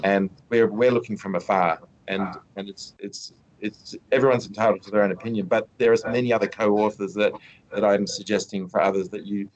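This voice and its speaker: A man hosting a podcast interview, talking in a rambling, halting way with many restarts. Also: fairly low pitch, fairly even intonation, poor audio. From Australia. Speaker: podcast host. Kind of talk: casual interview chat.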